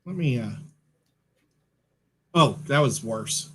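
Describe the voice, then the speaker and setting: A man's voice: medium pitch, animated, takes it slowly, a bit bright, husky. A man co-hosting a casual chat, playful and talkative with joking asides, a bit sleepy. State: sleepy, yawning. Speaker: co-host.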